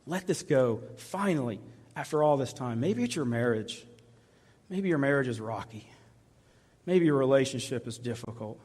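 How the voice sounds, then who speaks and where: A man preaching a sermon with earnest, repeated appeals, often dropping to soft, hushed tones. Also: mid-range voice, animated, normal speed, breathy edge. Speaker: pastor. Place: large church hall. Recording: reverberant church hall.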